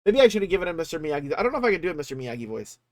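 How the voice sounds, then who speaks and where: A man's voice: on the high side, sing-song, very fast. Crude, joking male game streamer. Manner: profane, joking, often laughing, reads game text aloud. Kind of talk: casual gaming livestream commentary.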